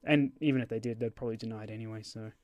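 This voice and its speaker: A man's voice: lowish voice, fairly even intonation, very fast, a little mellow, no echo, studio quality. A man hosting a casual podcast chat, rambling and joking as he restarts his sentences. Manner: rambling, jokey, trails off and restarts. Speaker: podcast host.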